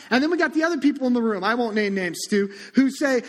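A middle-aged man preaching a sermon as a pastor, conversational and animated, acting out quotes as he goes. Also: very high-pitched, fast talker, few pauses. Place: church sanctuary. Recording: long hall reverb.

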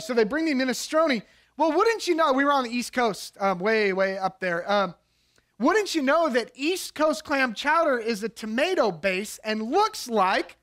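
A middle-aged pastor delivering a sermon with a high, light male voice. He talks like he's chatting with friends, building up to lively, animated storytelling when he recounts anecdotes.

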